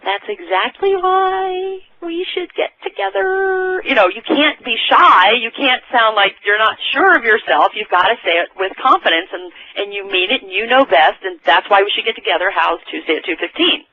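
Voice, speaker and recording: Speaking briskly with few pauses, a sales trainer gives a casual recorded talk and keeps restarting sentences. The mid-range voice sits in a dull, dry, lo-fi recording.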